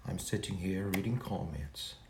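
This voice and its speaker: A man playing a boastful, self-important true-crime livestreamer who rambles and swings between loud complaints and hushed asides. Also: deep voice, moderate pace, creaky, reverberant, background noise. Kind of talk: parody livestream monologue.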